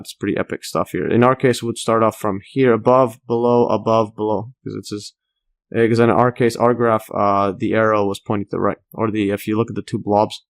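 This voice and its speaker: A man teaching a casual screen-recorded math lesson, rambling with many fillers and restarts and enthusiastic asides. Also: mid-range voice. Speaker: math tutor.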